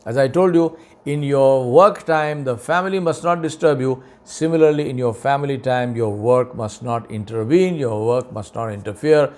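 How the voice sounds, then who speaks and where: A man's voice: moderate pace, darkish tone. A middle-aged man giving an earnest, emphatic advice talk, repeating key points for stress. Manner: mocking quoted voices in a higher tone. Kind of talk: lecture-style advice talk.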